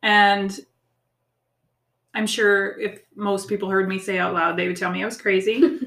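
A woman co-hosting a casual chat, animated and encouraging, swearing freely. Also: mid-range voice, a little slow. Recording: echoey room.

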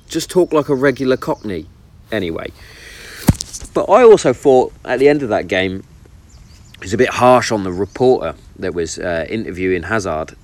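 A vlogger with a lowish, slightly mellow voice chats casually about football at a normal speed, his intonation lively. He gives his opinions bluntly and swears freely. He's outdoors in the countryside, with birdsong and outdoor ambience around him.

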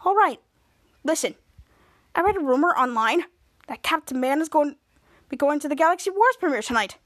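A woman's voice: sits high, animated, normal speed, fairly bright tone, no echo. A woman doing an awkward teenage brother. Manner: hesitant and mumbling.

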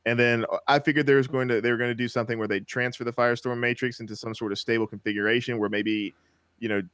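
A man's voice: medium pitch, steady tone, fast, fairly bright tone, clean tone, dry recording, clean studio sound. A man co-hosting a casual podcast, talking hesitantly with many fillers. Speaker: podcast co-host.

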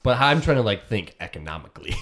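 Giggly, animated young man with a lowish voice. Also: fast. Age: young adult. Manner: giggly, chatty, animated storytelling. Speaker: podcast co-host. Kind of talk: casual podcast banter.

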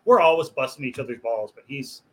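A butcher appearing as a podcast guest tells a rowdy story in casual chat, his medium-pitched voice animated and fairly quick. He swears freely, laughs along the way, and gets louder when acting out what others said.

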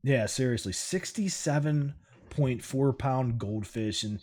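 A man co-hosting a casual comedy podcast, excitable, laughing often and swearing freely. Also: mid-range voice, measured pace. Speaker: podcast co-host.

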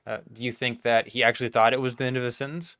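A man hosting a podcast, asking questions in a casual, halting way. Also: mid-range voice, little pitch movement, fairly bright tone, smooth, dry recording. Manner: inquisitive, halting. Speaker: podcast host. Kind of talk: casual interview.

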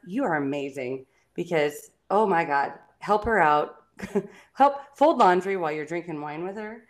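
A woman's voice: on the low side, expressive, moderate pace. A young adult woman chatting candidly on a podcast, swearing freely and stumbling over restarts. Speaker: podcast co-host. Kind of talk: casual podcast chat.

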